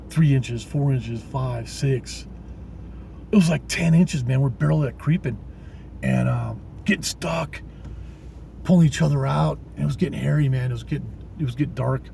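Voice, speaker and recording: Rambling laughing trucker in a cab. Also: male voice, medium pitch, vocal fry, warm tone. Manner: rambling, laughs often, drops "man" and mild swearing. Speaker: truck driver streamer. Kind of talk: casual storytelling on a live stream. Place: inside a moving truck cab. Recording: road and engine noise behind.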